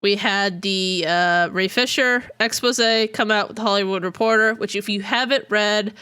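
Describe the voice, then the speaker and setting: A woman's voice: medium pitch, steady tone, moderate pace, pushed and bright, clear, resonant tone, no echo. A woman co-hosting a podcast, chatting casually and rambling with lots of fillers. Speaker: podcast co-host. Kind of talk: casual chat.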